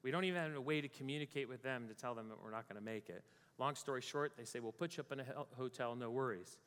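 A large hall's long reverb carries the voice of an American man recounting his travels to a live crowd, raising his voice as he acts out his panic. His delivery is quick, his pitch mid-range, and his tone fairly bright, clear, and resonant.

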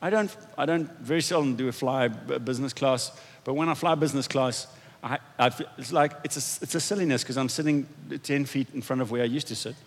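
A man's voice: medium pitch, brisk, big-room sound. A man preaching a sermon as pastor in a conversational, self-deprecating way, with frequent restarts. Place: church hall.

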